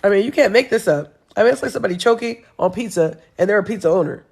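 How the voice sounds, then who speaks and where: A woman's voice: medium pitch, lively intonation, fast talker, vocal fry, a little mellow, slightly rough. A young woman hosting her own show, reading news headlines aloud and reacting with blunt, sarcastic remarks and frequent laughs. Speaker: show host.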